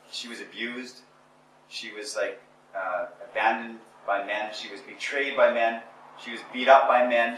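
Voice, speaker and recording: A man's voice: medium pitch, fairly bright tone, far from the mic, a little hiss or hum. A man giving a motivational seminar talk to a group, blunt and emphatic, often repeating phrases and restarting his sentences. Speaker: seminar speaker. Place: talk venue in Portugal. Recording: roomy room, voice picked up from afar, faint ambience.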